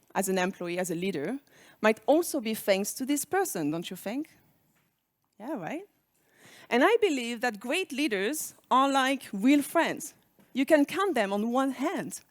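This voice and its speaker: A woman's voice: on the high side, no echo, clean studio sound. A woman from France with a French accent, giving an engaging conference keynote and asking the audience reflective questions. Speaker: speaker on leadership.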